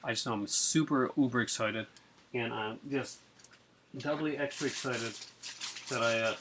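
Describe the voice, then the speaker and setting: A man hosts a casual unboxing vlog at a moderate pace with a medium pitch, talking excitably and rambling with many fillers. He sounds chilled from being out in the cold and rain, and background noise is audible.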